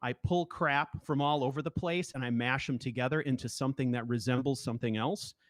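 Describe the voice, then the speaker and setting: Halting male roleplay panelist. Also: medium pitch, steady tone, no echo. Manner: halting, many restarts, acts out character voices. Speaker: panelist, let's-play roleplayer. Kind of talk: panel discussion.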